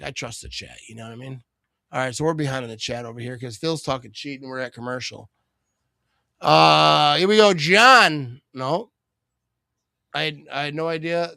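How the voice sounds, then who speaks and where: A man hosting a live sports watch party, chatting casually, joking and reading viewer comments, breaking into excited play-by-play on big plays. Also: mid-range voice, no room sound. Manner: rambling, joking, reads viewer comments aloud.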